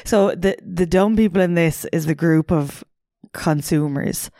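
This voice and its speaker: A woman's voice: fairly low pitch, measured pace, mellow, no room sound, studio quality. Laughing, swearing young woman. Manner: swears freely, laughs often, playful. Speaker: podcast co-host. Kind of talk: casual chat.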